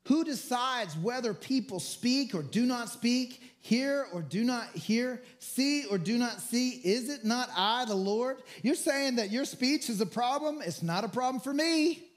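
Pastor, male, high tenor, earnest sermon delivery with restarts. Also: animated, unhurried, few pauses. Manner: acts out quoted lines with rising pitch.

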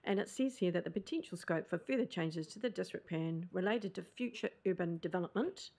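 A New Zealand woman, a council staff member, giving a measured, explanatory reply in a formal meeting, with many fillers. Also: fairly low pitch, a little mellow.

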